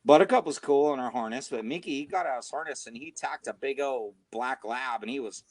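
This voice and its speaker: A man with a mid-pitched voice co-hosts a casual chat over a video call. He tells easygoing stories and laughs along with them. The sound is dry and close. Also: a little fast, no echo. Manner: relaxed storyteller, laughs at his own stories. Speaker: co-host.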